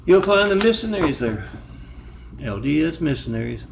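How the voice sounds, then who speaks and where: A video maker with a fairly high, sing-song, creaky voice speaks at a moderate pace in a long, digressive, rambling monologue. He often stops to spell out numbers and web addresses letter by letter, with slight background noise behind him.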